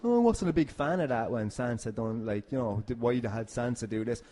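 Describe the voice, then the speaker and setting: Animated, cursing man in casual podcast chat. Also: medium pitch, brisk. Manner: animated, swearing, acting out his reactions. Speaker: podcast guest.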